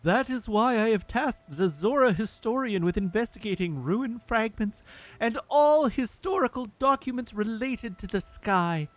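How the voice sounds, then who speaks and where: A man's voice: high-pitched, expressive, measured pace, a bit bright. A man reading game dialogue aloud in his own voice as an earnest, formal fish-prince who speaks with courtly politeness.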